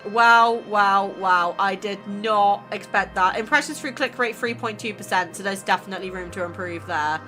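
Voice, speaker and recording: Female vlogger, bright and sharp tone, gushing and exclamatory, faint music underneath. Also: mid-range voice, moderate pace, few pauses. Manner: excitable, exclaiming, laughs between remarks. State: emotional, near tears. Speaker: YouTube creator. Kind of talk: casual vlog chat reviewing channel stats.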